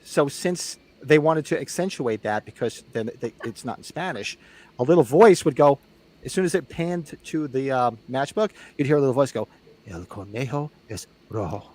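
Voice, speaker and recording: A man's voice: a little high, moderate pace, a little mellow. A middle-aged man hosting a live movie watch-along, telling stories and acting out the people in them. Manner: chatty storyteller, acts out quoted exchanges. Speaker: host.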